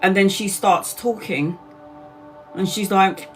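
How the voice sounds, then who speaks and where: A woman's voice: mid-range voice, takes it slowly, soft background music. A woman in her forties, a tarot reader hosting a live stream, telling a story casually, swearing freely and greeting viewers by name as she talks. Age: 40s.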